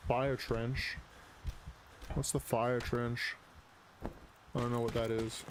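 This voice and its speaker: A man's voice: medium pitch, little pitch movement, slow pace, slight background noise. A man live streaming, casually telling a story while gaming, rambling and swearing a lot.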